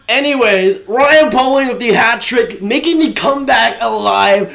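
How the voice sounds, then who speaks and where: A young man live streaming a watch-along, excitable, swinging from low muttered remarks to shouting and laughing. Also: takes it slowly, vocal fry, pauses often.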